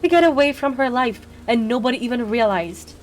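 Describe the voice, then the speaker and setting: A woman's voice: on the high side, animated, a little fast, soft background music, lightly acted. A woman voicing an angry young woman in a video game, ranting bitterly about her hometown. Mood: furious.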